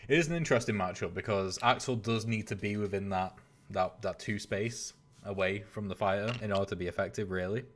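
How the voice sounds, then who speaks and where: A man's voice: lowish voice, fairly quick, slight background noise. A man hosting a game tournament stream, chatting casually with many fillers as he commentates.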